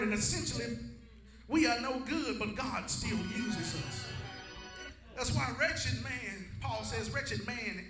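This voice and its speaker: Man, sermon, very high voice, call-and-response preaching, roomy church, organ music. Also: takes it slowly. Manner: rising to shouted preaching with congregation responses. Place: church sanctuary. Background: congregation call-outs and organ.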